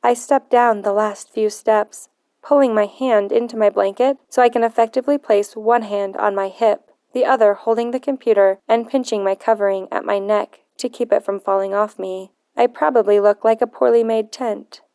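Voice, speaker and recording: A woman narrating a novel in the first person, in earnest, measured storytelling. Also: medium pitch, steady tone, warm tone, no room sound, studio quality. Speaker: audiobook narrator.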